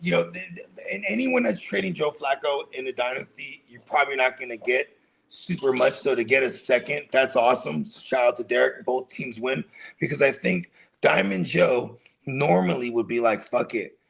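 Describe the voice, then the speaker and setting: A man hosting a casual fantasy football podcast, loud and teasing, often breaking into laughter. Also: mid-range voice, moderate pace, vocal fry. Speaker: podcast host.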